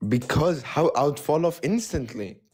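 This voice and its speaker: A man's voice: a little high, lively intonation, normal speed, darkish tone. A man calling into an online debate, hesitant and defensive, stumbling over his words. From mother Moldovan, father American. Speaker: caller.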